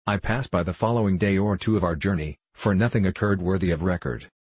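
A man with a deep voice reads an old travel memoir in a steady, measured way. His tone is a little husky. The recording is dry and close, with no room sound. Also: no room sound. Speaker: audiobook reader. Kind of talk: scripted narration of a classic travel memoir.

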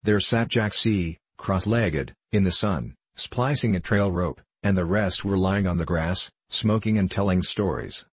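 This is scripted narration of an old travel memoir, voiced by a male audiobook reader. His deep voice carries a touch of huskiness and moves at an even, measured rhythm, captured dry and up close without any room sound.

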